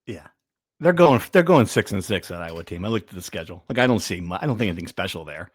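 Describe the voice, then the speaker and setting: A man's voice: deep voice, lively intonation, quick pace, breathy edge, no echo. A man hosting a casual sports podcast, rambling and trailing off as he talks. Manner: rambling, self-deprecating, trails off. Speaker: podcast host.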